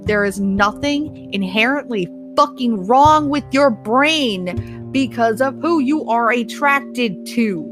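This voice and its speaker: Slow-talking, swearing woman podcaster over music. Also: a little high, animated, fairly bright tone. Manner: profane, blunt, laughing at her own points. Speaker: podcast host. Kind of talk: casual solo podcast rant.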